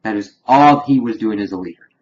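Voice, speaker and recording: A man's voice: on the low side, fairly quick, darkish tone, lo-fi sound. A man giving a casual spoken review, rambling through scene recaps with lots of filler words. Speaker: TV show reviewer.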